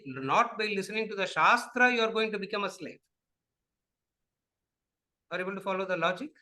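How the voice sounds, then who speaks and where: Bright-voiced man. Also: sits high, poor audio. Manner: repetitive, asks the audience rhetorical questions. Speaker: Vedanta teacher. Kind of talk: lecture with questions and answers.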